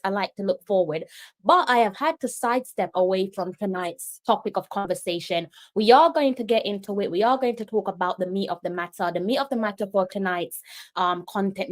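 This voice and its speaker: A woman hosting a live-streamed football talk show, chatty and emphatic, talking straight to her viewers and repeating herself for stress. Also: medium pitch. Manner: chatty, addresses viewers directly. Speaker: host.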